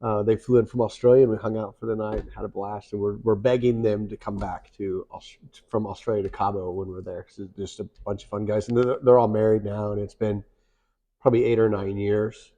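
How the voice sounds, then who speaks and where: A man's voice: fairly low pitch, flat delivery, a little fast, warm tone. Easygoing male podcast storyteller. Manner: chatty storyteller, laughs often. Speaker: podcast co-host, mortgage lender. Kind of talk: casual podcast chat.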